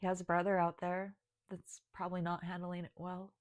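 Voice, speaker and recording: Tearful woman with a low, dry voice. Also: monotone, a little fast, dry recording. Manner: emotional, choking up, with sighs and restarts. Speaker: spiritual guide and video creator. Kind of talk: personal talk to camera.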